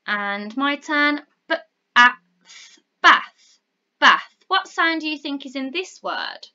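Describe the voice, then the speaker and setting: A woman teaching phonics to young children, encouraging and clear, sounding out words slowly. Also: sits high, expressive, bright, forceful tone, lo-fi sound. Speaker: primary school teacher.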